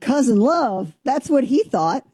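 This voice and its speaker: A woman in her forties from Southern Missouri, co-hosting a casual talk show and telling a family story with lively, joking asides. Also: sits high, unhurried, husky, no echo, studio quality. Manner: animated, jokey, talks over herself. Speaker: show co-host.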